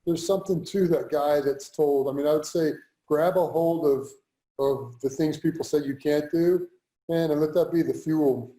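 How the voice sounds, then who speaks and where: Man, earnest guest on a call, dark mellow tone, roomy echo. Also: on the high side, moderate pace. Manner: earnest, repeats for emphasis. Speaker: guest, former pro football player. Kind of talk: motivational interview talk.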